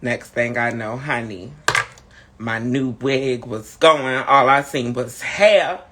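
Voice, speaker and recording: A camp, sassy host drawling through a casual live-stream chat, tired and low on energy. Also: male voice, slow pace, bright, forceful tone, a little hiss or hum.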